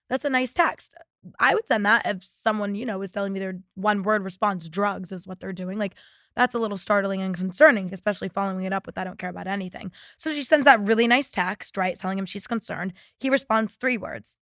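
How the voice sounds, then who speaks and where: A woman's voice: medium pitch, fairly even intonation, brisk, gravelly, fairly bright tone, no room sound, studio quality. A young woman in her twenties hosting a casual solo podcast, chatting and swearing freely as she reads out listener stories. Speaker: podcast host.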